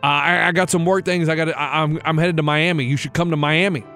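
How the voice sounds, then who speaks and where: Over soft music, this podcast co-host talks quickly in a steady, sharp, clean-sounding voice. Recounting an overheard exchange in casual storytelling, he drops his voice to do impressions of the speakers.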